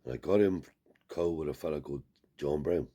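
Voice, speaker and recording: A man tells a long, rambling story in loose country dialect. His voice sits very low and sounds dark and mellow. There is a husky, breathy grain to it. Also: fairly quick. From Cornwall. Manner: rambling yarn with dialect grammar. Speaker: travelling scrap dealer. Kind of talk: casual storytelling.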